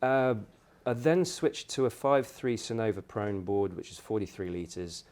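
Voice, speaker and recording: A man from the United Kingdom, a guest on a casual podcast interview, telling his stories in a lively way and acting out the exchanges he quotes. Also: unhurried. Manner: animated storyteller, acts out quoted exchanges with jumps in pitch.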